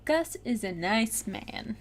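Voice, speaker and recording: A woman gamer gives unhurried, rambling commentary as she plays. She talks slowly, with many fillers. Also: on the high side, very animated, a little hiss or hum. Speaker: let's play gamer. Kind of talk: casual gameplay commentary.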